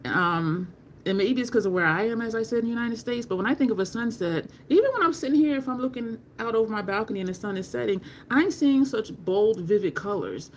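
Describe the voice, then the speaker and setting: A woman hosting a makeup livestream from home, talking slowly and rambling while she greets viewers from the chat. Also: on the high side, expressive, slight background noise.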